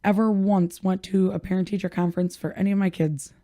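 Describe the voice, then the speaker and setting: A woman's voice: medium pitch, steady tone, fairly quick, warm tone, dry recording, clean studio sound. A woman guesting on a podcast, chatting casually in an easygoing, agreeable way. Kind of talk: casual chat.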